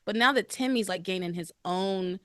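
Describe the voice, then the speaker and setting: Woman, podcast host, casual recap, sharp bright tone, dry close sound. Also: medium pitch, normal speed, no echo. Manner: animated, laughs often, acts out characters' lines.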